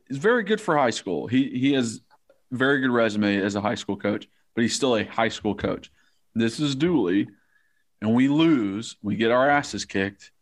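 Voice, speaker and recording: Profane, animated man telling stories. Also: on the low side. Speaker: former college football player. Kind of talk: casual storytelling chat.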